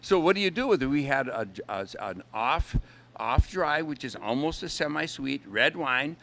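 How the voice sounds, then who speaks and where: A man's voice: fairly high pitch, animated, moderate pace, fairly bright tone, a little hiss or hum. An older man, a winery owner, chatting as a radio guest and telling stories, with a jokey sung bit. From Minnesota. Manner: chatty storyteller, sings a jokey song. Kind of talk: casual radio interview chat.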